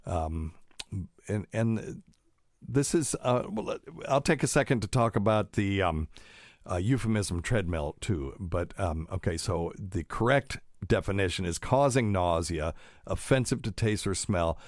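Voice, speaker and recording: Middle-aged male podcast host, very low voice, dry close mic, rambling and pedantic. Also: measured pace, dry recording. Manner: rambling, pedantic, many fillers. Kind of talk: casual solo podcast talk.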